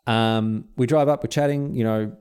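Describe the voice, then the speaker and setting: A man's voice: mid-range voice, fairly even intonation, normal speed, a little mellow, clean tone. An Australian man co-hosting a podcast, telling a rambling story in casual chat and acting out the dialogue. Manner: rambling, self-interrupting, acts out quoted dialogue. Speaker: podcast co-host.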